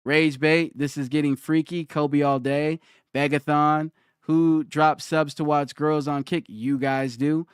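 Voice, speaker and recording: A man's voice: fairly high pitch, level tone, a little slow, clear, resonant tone, no echo, clean studio sound. A man on a live stream, ranting back at his chat in a combative, mocking way and hammering the same points over and over. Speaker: livestreamer. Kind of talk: livestream rant answering chat.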